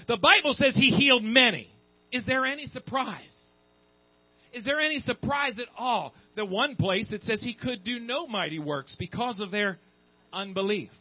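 A man's voice: very high voice, normal speed, dry recording. A male preacher delivering a fervent sermon, repeating phrases and calling out "Amen" to the congregation. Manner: fervent, repetitive, calls out "Amen". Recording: dull, muffled sermon recording.

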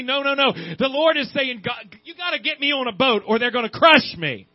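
A man's voice: very high voice, animated, moderate pace, few pauses, dry recording. A male preacher delivering a fervent sermon, repeating phrases and calling out "Amen" to the congregation. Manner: fervent, repetitive, calls out "Amen". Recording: dull, muffled sermon recording.

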